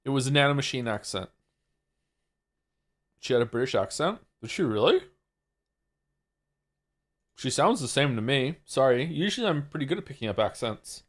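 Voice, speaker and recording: A man hosts a live game stream and chats casually with his viewers. He reads their messages aloud and answers them with a talkative, wry edge. His pitch sits at an ordinary height, but it swings around animatedly as he talks. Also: big pitch swings, moderate pace, pauses often.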